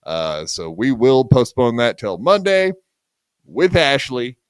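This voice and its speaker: A man hosting a podcast in loose, profane banter, his voice smooth and resonant with pitch that swings widely. The sound is close and dry, with no room around it. He teases and mocks his co-host with easy sarcasm. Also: sing-song, takes it slowly, no echo.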